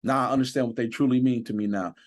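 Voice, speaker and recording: A man's voice: mid-range voice, steady tone, rapid-fire. A man with a mid-range voice tells a personal story on a podcast. He speaks with earnest conviction and builds into a preacher-like rhythm of emphatic phrases. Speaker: guest, sheriff's deputy.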